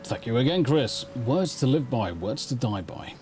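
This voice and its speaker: A mellow, middle-pitched English man chatting his way through a live game stream. He rambles and swears casually into a desk mic, with faint music playing in the background. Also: sing-song, moderate pace. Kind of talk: casual live gameplay chat. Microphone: desk mic through a mixer.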